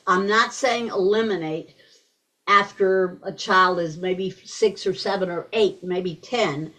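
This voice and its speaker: A woman giving a talk to a group of parents on early reading, deliberate and repeating key words for emphasis. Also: medium pitch, a bit bright, poor audio. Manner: acts out simple phrases parents say to babies. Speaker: guest speaker on early reading.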